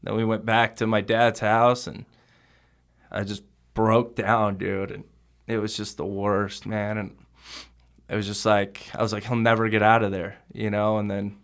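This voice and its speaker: A young man speaks as a podcast guest in a fairly low voice. He tells his memories haltingly, and his sentences are padded with casual fillers. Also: little pitch movement. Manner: halting, heavy with fillers like "you know" and "bro". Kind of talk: conversational podcast interview.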